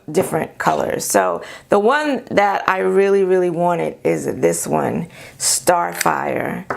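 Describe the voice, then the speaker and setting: Slow, gravelly woman chatting through a haul. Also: fairly low pitch. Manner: chatty, thinking aloud with frequent ums; openly vents annoyance and delight. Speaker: beauty vlogger. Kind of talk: casual product haul chat.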